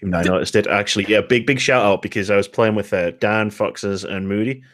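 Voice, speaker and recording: A man's voice: fairly low pitch, fairly even intonation, a little fast, fairly bright tone. A man co-hosting a casual gaming podcast, easygoing and self-deprecating. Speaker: podcast co-host and streamer.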